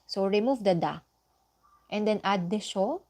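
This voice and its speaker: Unhurried woman, Tagalog first language, walking students through grammar online. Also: a little mellow. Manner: slow, patient explaining with frequent "okay" and "so"; lifts her pitch sharply for example sentences. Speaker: Japanese language teacher.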